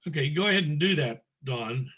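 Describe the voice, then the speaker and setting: A man presenting a square dance calling lesson over a video call, explaining methodically and calling moves in crisp, clipped commands. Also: a little high, expressive, a little fast, fairly bright tone. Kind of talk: teaching talk, calling demonstration calls.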